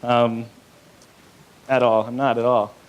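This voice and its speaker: A man's voice: medium pitch, level tone, takes it slowly, clean tone, low-quality recording. A young man doing a live stand-up set in a small club, rambling and self-deprecating, with many fillers. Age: young adult. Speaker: stand-up comedian.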